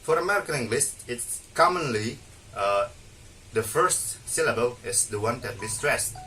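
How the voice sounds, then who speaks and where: A man's voice: medium pitch, animated, moderate pace, sharp tone, far from the mic, slight background noise, low-quality recording. A young man student explaining a pronunciation topic for a class, hesitant and restarting now and then. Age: young adult. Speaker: student presenter. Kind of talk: explaining from notes in a class presentation.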